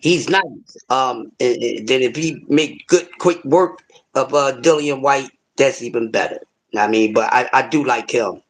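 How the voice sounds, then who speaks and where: Halting man talking boxing, full of "uh"s. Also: medium pitch. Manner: halting, many "uh"s while searching for names. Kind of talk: casual sports talk.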